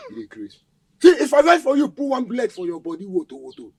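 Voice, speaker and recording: A man's voice: very high voice, huge pitch swings, fairly quick, creaky, slightly rough, heavily acted. An actor with a Nigerian Pidgin accent playing a menacing, taunting male kidnapper. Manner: threatening, taunting, shouting orders. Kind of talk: Nollywood film acting.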